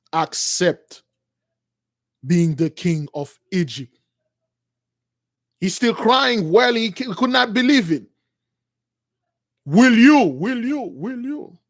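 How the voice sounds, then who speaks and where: A man's voice: high voice, vocal fry, a bit bright. A man retelling a religious story as a preacher, rambling with many restarts and calling his listeners brothers.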